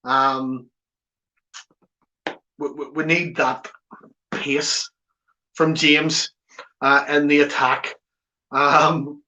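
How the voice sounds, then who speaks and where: Bright, unhurried man hosting a live chat. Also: a little high, little pitch movement. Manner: chatty, teasing banter with viewers. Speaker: watchalong host. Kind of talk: live football watchalong chat, reading viewer comments. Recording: slightly dull lo-fi audio.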